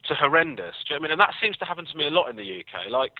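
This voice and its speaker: An English man rattles through rambling stories with dry, self-deprecating wit. He talks quickly, and the sound is dry and tinny, as if over a phone line. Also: fairly high pitch, sing-song, dry recording. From England. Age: young adult. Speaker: guest comedian. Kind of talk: casual storytelling.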